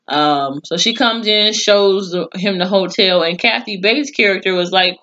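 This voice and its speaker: A woman giving a casual, profane recap of a TV episode, acting out the characters' lines with animated voices. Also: medium pitch, normal speed, lo-fi sound. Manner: chatty and profane, with animated acted-out quotes. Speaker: TV episode reviewer.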